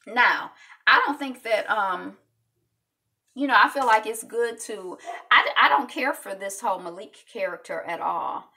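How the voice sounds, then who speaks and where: A woman's voice: a little high, animated, measured pace, sharp tone, distant mic. A woman chatting casually as she recaps a reality show episode for her channel, full of fillers and acted-out quotes.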